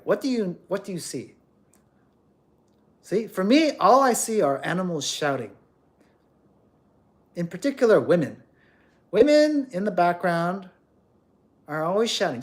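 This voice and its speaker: Animated, blunt ranting man. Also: a little high. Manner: emphatic, repeats words, blunt and scolding. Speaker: livestream host. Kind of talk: ranting livestream monologue.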